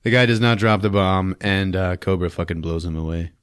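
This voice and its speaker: A man's voice: low voice, fairly quick, clean tone, dry recording, studio quality. A man hosting a podcast, recapping a movie in a casual, profane, laughing storytelling style. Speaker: podcast host.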